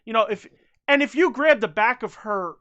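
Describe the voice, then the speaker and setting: A man's voice: very high-pitched, animated, normal speed, pushed and bright, muffled recording. A man co-hosting a wrestling podcast, talking bluntly in casual chat, swearing freely and restarting his sentences. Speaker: podcast co-host.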